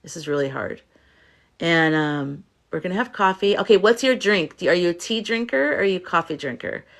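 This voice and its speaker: Tired american woman on a livestream, soft and rambly, reassuring her chat. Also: on the low side, animated, a little fast, vocal fry. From United States. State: tired from little sleep. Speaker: livestream host, spiritual reader. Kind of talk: casual livestream chat, reading comments.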